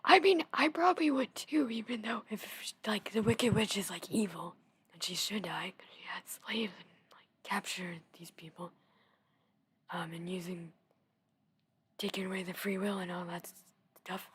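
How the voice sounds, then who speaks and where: Young woman whispering a storybook, really breathy, close mic, chatty asides. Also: fairly low pitch, steady tone, measured pace. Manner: soft whisper, casual with many "like"s in asides. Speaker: gaming video host reading aloud.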